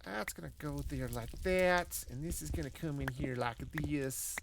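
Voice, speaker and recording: A man's voice: a little high, unhurried, creaky, background noise. A man streaming a building game, rambling and joking as he talks to himself and greets his chat. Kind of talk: casual live gameplay commentary.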